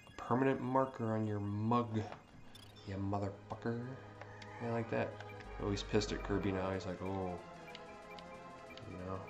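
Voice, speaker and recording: A man giving live commentary on his own gameplay, swearing constantly and breaking into excitable outbursts. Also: fairly low pitch, unhurried, pauses often. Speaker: let's play streamer. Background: game music.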